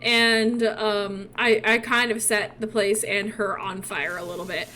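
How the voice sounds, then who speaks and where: A woman's voice: mid-range voice, level tone, measured pace, pushed and bright, slight background noise, low-quality recording. A woman voicing an awkward, embarrassed young woman in game commentary, stammering and hesitant.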